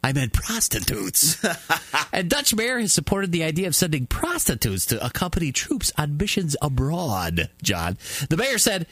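A man's voice: on the high side, huge pitch swings, normal speed, a bit bright, husky, dry recording. A man anchoring a spoof news segment, reading stories in an exaggerated newsreader manner and laughing at his own jokes. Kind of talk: mock news reading with banter.

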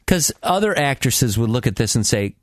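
Animated man reading celebrity news. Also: medium pitch, normal speed, no room sound, studio quality. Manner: animated, joking, laughs often. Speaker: radio show host.

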